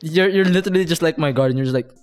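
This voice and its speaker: Chatty young man with a smooth voice. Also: a little high, racing, darkish tone. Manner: chatty, laughs often, acts out his own reactions. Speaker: podcast co-host. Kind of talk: casual chat.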